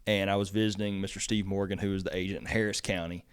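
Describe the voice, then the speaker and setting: A man with a fairly low voice hosts a casual agriculture podcast. He rambles through stories with plenty of "you know" and "um", and his voice lifts when he gets excited. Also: fast, clean tone. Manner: rambling storyteller, lots of fillers, animated when excited. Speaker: extension agent podcast host.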